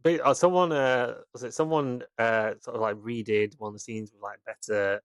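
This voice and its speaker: A man's voice: medium pitch, fairly even intonation, normal speed, clean tone, no room sound. A man, co-hosting a podcast, chatting casually with many restarts and easy laughs. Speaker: podcast co-host. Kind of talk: casual chat.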